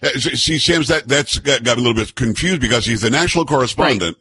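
A man's voice: medium pitch, animated, fast talker, sharp tone. A man hosting a talk radio show, speaking in a rambling, folksy monologue with frequent restarts.

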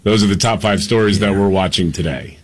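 Husky-voiced man reading radio headlines. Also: on the low side. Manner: laughs often, many "uh" pauses while reading headlines. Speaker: radio co-host reading the top stories. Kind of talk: casual radio talk. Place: radio studio.

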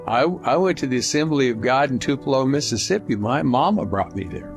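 A man's voice: mid-range voice, expressive, fairly quick, creaky, faint music behind. A man impersonating a famous young male singer, friendly and amused, asking easygoing questions in a raised voice.

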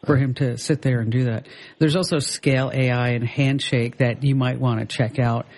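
A man's voice: mid-range voice, steady tone, normal speed, darkish tone. A man hosting a radio show, chatting casually and loosely, with plenty of filler words and restarts, on a studio microphone.

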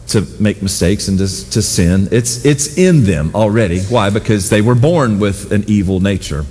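A middle-aged man preaching a sermon as pastor, telling personal stories with self-deprecating humor and animated voices for the people he quotes. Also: on the low side, husky, in a large hall.

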